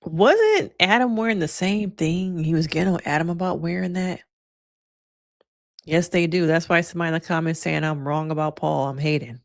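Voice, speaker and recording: A woman therapist talks through a reality show in a loose, chatty way and speaks straight to her viewers. Her voice sits a bit low. She is animated and often slips into acting out what others said. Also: moderate pace, gravelly. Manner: chatty and animated, addresses viewers as y'all, acts out quotes. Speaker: licensed therapist and reaction commentator. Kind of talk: casual reaction vlog commentary.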